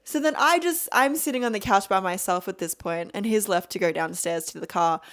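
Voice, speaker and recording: A woman's voice: mid-range voice, a little fast, few pauses, fairly bright tone. A woman hosting a podcast, telling a personal story in a gushing, emotional way and laughing often. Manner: gushing, repeats words. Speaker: podcast host.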